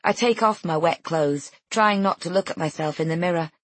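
Low, husky woman narrating. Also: moderate pace, no room sound. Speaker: audiobook narrator. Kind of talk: first-person fiction narration.

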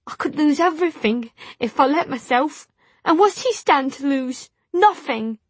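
A woman's voice: mid-range voice, animated, normal speed, husky, dry recording. A woman narrator voicing a young Victorian housemaid who speaks plainly and cries, her voice cracking. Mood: tearful, high. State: crying.

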